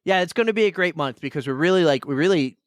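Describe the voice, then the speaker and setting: A man's voice: a little high, expressive, fast, smooth, dry recording. A man with a Boston accent co-hosting a casual running podcast, upbeat and rambling. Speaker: podcast co-host.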